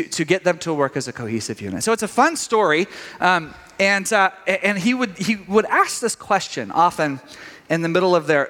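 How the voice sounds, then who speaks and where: A middle-aged man preaching a sermon, telling a story with animated quoted voices. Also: a little high. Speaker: pastor. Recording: long reverb of a large hall.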